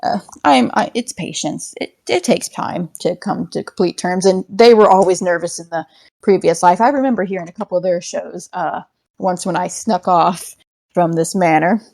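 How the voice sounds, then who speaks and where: A woman voicing a gracious, motherly ghost lady who runs a manor, with a gentle, giggly manner. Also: fairly low pitch, moderate pace, vocal fry, no room sound. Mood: fond.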